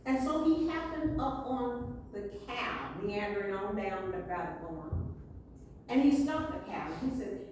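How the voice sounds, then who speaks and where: An American woman telling a folk tale to a live audience in a playful, unhurried way. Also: high voice, a little hiss or hum. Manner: lively, playful, drawn-out delivery. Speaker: storyteller. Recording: echoey hall, voice from far off.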